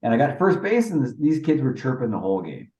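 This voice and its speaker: A middle-pitched man in his fifties hosts a casual podcast chat, telling stories with playful energy. His voice swings up and down a lot. He sits back from the microphone, and the room adds a noticeable echo. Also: quick pace, dull audio. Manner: animated storyteller, playful. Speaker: podcast host. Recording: roomy sound from a distant mic.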